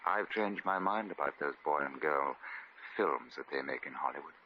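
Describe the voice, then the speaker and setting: A man's voice: extremely low pitch, expressive, moderate pace, bright, forceful tone, slight background noise, heavily acted. An actor playing a genteel, lovestruck English lord in a 1950s radio drama, fussy and stammering as he dotes on his sweetheart. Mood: doting. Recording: dull old radio recording.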